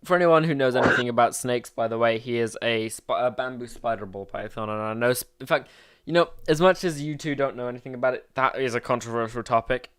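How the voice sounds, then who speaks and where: A man's voice: mid-range voice, fast, hardly any pauses, a bit bright, smooth, no room sound. A man hosting a casual podcast, rambling and restarting his sentences. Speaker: podcast host.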